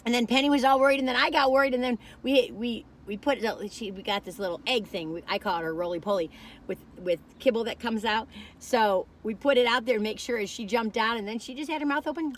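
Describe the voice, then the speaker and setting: A woman's voice: a little high, fast, slight background noise. Rambling, chatty woman food reviewer. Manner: rambling, chatty storytelling, often losing her thread. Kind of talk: casual vlog chat while tasting food.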